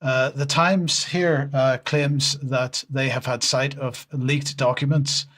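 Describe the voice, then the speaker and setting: A man reads and comments on the news. He pauses often with fillers and slips in dry sarcasm. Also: mid-range voice, steady tone, a bit bright. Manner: hesitant, sarcastic, many fillers. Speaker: news presenter.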